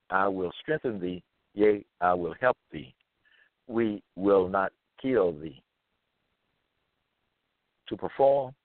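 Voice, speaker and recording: A man reading scripture verses aloud and commenting on them, slowly repeating phrases with fillers between them. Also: mid-range voice, no echo. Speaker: self-styled preacher. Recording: tinny phone-like line.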